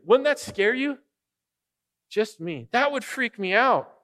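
A pastor and father of young kids preaches a sermon in a very high-pitched, fairly bright voice with lively intonation and a slow pace. He keeps it casual and jokey, frequently putting questions to the congregation.

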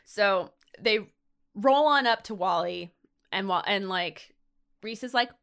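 A woman's voice: mid-range voice, takes it slowly, a bit bright, clear, resonant tone. Rambling woman podcast host. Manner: rambling, full of "like" and "um", acts out quotes in silly voices. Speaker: podcast co-host recapping an episode. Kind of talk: casual comedic recap chat.

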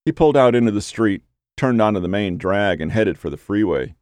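A man narrating gritty crime fiction as an audiobook in a steady storytelling manner. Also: fairly low pitch, brisk, dry recording, studio quality.

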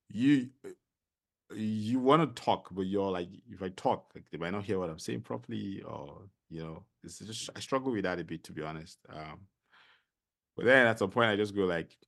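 A middle-aged man with a Nigerian accent, a podcast guest telling stories in a casual interview, animated and full of fillers. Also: lowish voice, moderate pace, creaky. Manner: animated storyteller, many fillers.

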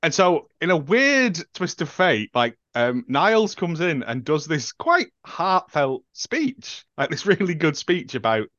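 A man's voice: fairly high pitch, sing-song, a little slow, few pauses, a bit bright, no echo, muffled recording. A man, a podcast host, retelling a film in a rambling, casual way and laughing as he goes. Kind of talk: casual film recap chat.

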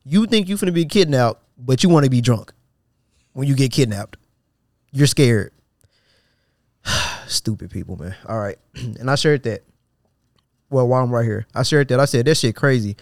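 A man's voice: medium pitch, moderate pace, long pauses, no echo, clean studio sound. Sarcastic man hosting a casual podcast. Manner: sarcastic and incredulous, breaks off reading to mock the poster; loose, slangy delivery with frequent restarts. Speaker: podcast host. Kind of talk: casual podcast commentary, reading out a social media thread.

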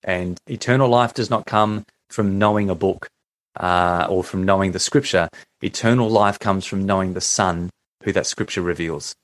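A middle-aged Australian man with a fairly low voice, chatting as a guest on a podcast. He talks with easygoing warmth and jokes freely, laughing through his teasing asides. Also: moderate pace. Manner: playful, laughs while joking. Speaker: guest author and Bible teacher. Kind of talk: casual podcast interview.

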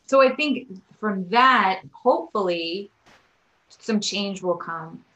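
A woman's voice: medium pitch, lively intonation, slow, a bit bright, low-quality recording. A woman guest on a podcast interview, a yoga teacher telling stories and acting out quotes with animation.

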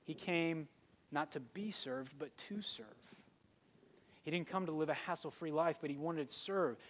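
A man in his thirties preaches to a congregation, mixing scripture with a lively, conversational story. His voice sits a little high for a man. The sound carries a long reverb, as if from a large church hall. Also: moderate pace, a little hiss or hum. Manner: conversational storytelling with rising intensity. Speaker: pastor. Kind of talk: sermon.

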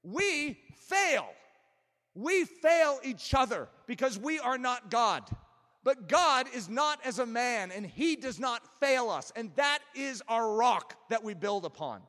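A man preaching an impassioned sermon as pastor, building to forceful emphasis. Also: extremely high pitch, very animated, slow pace, big-room sound.

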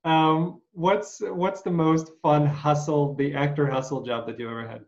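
A man's voice: on the high side, fairly even intonation, unhurried, lo-fi sound. A man hosting a casual interview, easygoing and joking as he asks questions. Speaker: host.

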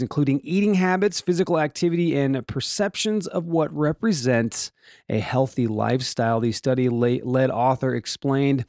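A man's voice: medium pitch, a little mellow, no echo, studio quality. A man hosting a show, reading offbeat news stories in a comedic way and breaking off for joking asides and rhetorical questions. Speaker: host.

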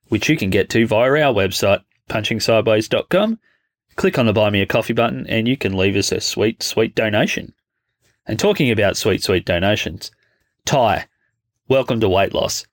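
A congested man co-hosting a casual podcast. His voice sits a little low and sounds stuffed-up and thick. The sound is dry and close to the mic. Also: animated, normal speed, dry recording. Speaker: podcast co-host.

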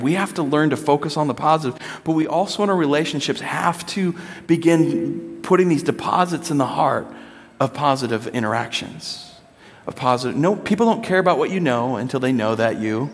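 Casual pastor in an echoing hall. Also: male voice, on the high side, animated, moderate pace. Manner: conversational, acts out quotes with playful voices. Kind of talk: sermon. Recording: long hall reverb.

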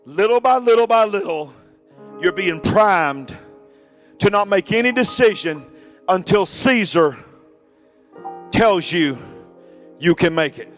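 A man preaching a sermon, swinging from shouted declarations to low, drawn-out asides. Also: lively intonation, soft background music. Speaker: pastor.

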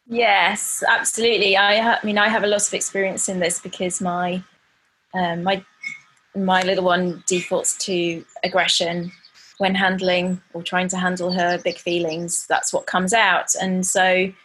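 A woman co-hosting a parenting podcast, speaking thoughtfully and haltingly, with many pauses and restarts. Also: on the low side, level tone, fairly bright tone, a little hiss or hum. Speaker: podcast co-host. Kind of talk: casual parenting chat.

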